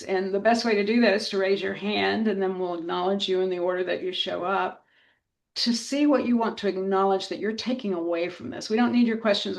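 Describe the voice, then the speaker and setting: Woman, host, video call, gravelly, effusive, laughs a lot. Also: lowish voice. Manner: warm, effusive, laughs often. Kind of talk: hosting a group video call.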